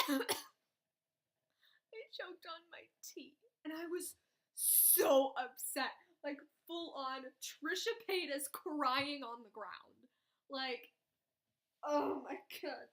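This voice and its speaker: A young woman vlogger chats casually as she tells a story, dramatic and talkative, swinging from loud outbursts to quiet asides. Her voice is high and her pace slow.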